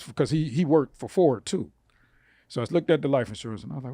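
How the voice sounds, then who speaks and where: Animated storytelling man, dry close sound. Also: very fast, creaky, no echo. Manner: animated, acts out quotes with rising pitch. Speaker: podcast guest telling a story. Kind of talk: casual storytelling.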